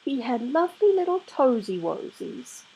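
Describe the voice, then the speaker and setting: A woman voicing a dazed middle-aged former nun who speaks in a hollow, flat way, with a breathy voice. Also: a little high, unhurried, voice pushed up, low-quality recording.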